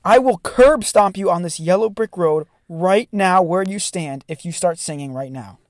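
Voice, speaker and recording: A brash young heroine who scolds and swears crude threats, read by a speaker in a near-plain voice. The pitch sits mid-range and the sound is dry and close. It is a comedic read-through. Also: moderate pace, no room sound, natural voice. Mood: scolding.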